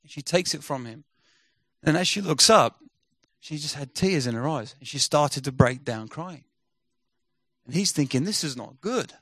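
Male preacher, mid pitch, dry close sound, lively storyteller; acts out dialogue. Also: a little slow, pauses often, no echo. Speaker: missionary speaker. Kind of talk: sermon storytelling.

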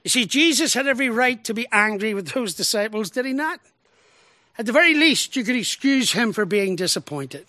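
A man preaching a sermon as pastor, expressive, with rhetorical questions, swinging from emphatic lines to hushed ones. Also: extremely high pitch, brisk, no echo.

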